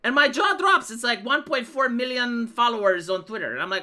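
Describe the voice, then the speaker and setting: A woman's voice: fairly high pitch, animated, fairly quick, hardly any pauses, sharp tone. A woman live streamer telling a rambling, profane story in casual chat, full of fillers and restarts. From Romania.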